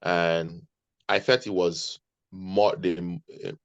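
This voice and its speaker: A very deep-voiced man talks earnestly in an interview, often restarting his sentences as he goes. The sound is dry and close, with a dull, muffled edge. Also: flat delivery, slow, dry recording. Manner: earnest, advising, repeats himself mid-sentence. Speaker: interview guest, nurse. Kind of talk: conversational interview.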